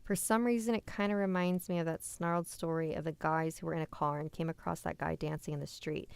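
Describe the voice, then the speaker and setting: A woman's voice: sits low, fairly even intonation, brisk, creaky, darkish tone, clean tone, no room sound. A young woman hosting a live stream where she reads scary stories and then chats casually with viewers, laughing easily. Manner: casual, chatty and easily amused while answering chat. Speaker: host reading scary stories. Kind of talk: live-stream story reading and chat replies. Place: indoors.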